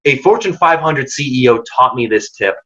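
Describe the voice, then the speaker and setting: A man's voice: medium pitch, expressive, moderate pace, fairly bright tone. A man presenting a career workshop, giving direct, emphatic advice and acting out quoted dialogue. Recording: dull lo-fi audio.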